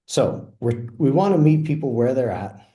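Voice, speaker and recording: A man walking through a software demo, explaining each feature in a relaxed, explanatory way. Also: mid-range voice, moderate pace. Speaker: software presenter. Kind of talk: product demo walkthrough. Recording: roomy echo.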